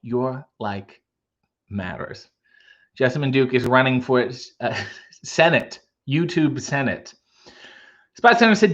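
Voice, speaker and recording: A man's voice: mid-range voice, expressive, slow pace, long pauses, fairly bright tone, highs cut off. A Canadian man hosting a livestream from home, reading viewer comments with dry, joking asides. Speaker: livestream host. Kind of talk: casual chat reading comments.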